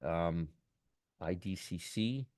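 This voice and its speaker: A deep-voiced man hosts a trading show in a loose, enthusiastic way, repeating words and breaking off phrases as he goes. His voice is close and dry, with no room sound around it. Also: slow, a little mellow, no room sound. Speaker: stock trading show host. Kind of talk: casual market commentary.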